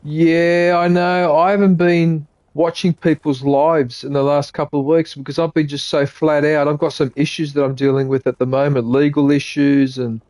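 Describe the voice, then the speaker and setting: A man's voice: on the high side, little pitch movement, normal speed, few pauses, a little mellow, dry recording. A man with an Australian accent chatting casually to his live-stream viewers while he plays a game. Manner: rambling, chatty, talks to viewers between game remarks.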